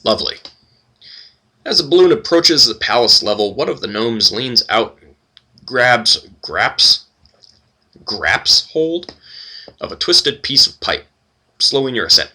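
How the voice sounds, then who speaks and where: A man's voice: medium pitch, lively intonation, moderate pace, pauses often, bright, forceful tone. A man hosting a let's play, reading the game's text aloud and adding wry, playful asides. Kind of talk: game narration and commentary.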